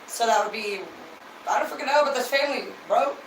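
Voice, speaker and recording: A woman's voice: a little high, lively intonation, moderate pace, pauses often, slight background noise. A tipsy woman chatting casually to viewers on a livestream, rambling, gushing and swearing freely. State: tipsy from drinking. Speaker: livestream host. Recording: roomy, distant mic, faint ambience.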